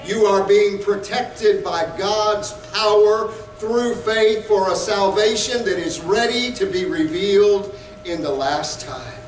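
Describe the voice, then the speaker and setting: A man preaching a sermon as pastor, fervent and rising to shouts at times. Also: sits high, slow pace, echoey room, recorded from a distance, poor audio.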